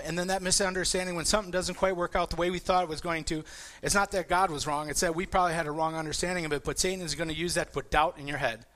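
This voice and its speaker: A man in his forties preaching a casual sermon, telling animated personal stories with many restarts and repeated words. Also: high-pitched. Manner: repetitive restarts, animated storytelling.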